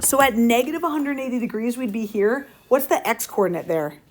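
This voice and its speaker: Brisk and animated, her slightly high voice comes with a little hiss or hum in the audio. She's a high school math teacher running an upbeat, playful classroom lecture, often quizzing the class.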